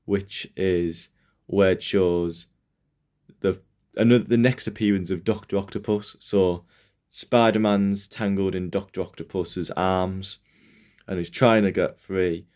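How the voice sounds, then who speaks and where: A young man with a deep, low voice talks casually on his own, reviewing comic covers. He rambles and hesitates, trailing off and restarting his sentences. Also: a little mellow. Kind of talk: casual solo commentary.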